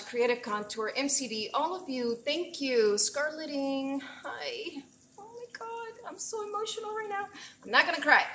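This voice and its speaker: Cooking at home on a casual livestream, this chef chats with viewers in a high, fairly bright voice, gushing, exclaiming often, and mixing in Spanish phrases. Her home kitchen sounds echoey, with slight background noise.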